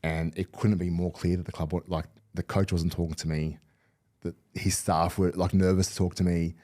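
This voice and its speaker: A man's voice: sits low, level tone, moderate pace, mellow. A middle-aged man, a retired rugby league player telling candid, rambling stories as a podcast guest. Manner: candid, rambling with many restarts. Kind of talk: casual storytelling interview.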